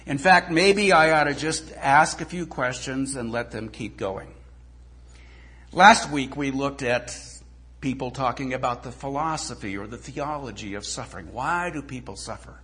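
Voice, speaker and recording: A middle-aged man, a pastor, preaching a sermon in a relaxed, conversational storytelling manner with touches of self-deprecating humor. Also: medium pitch, normal speed.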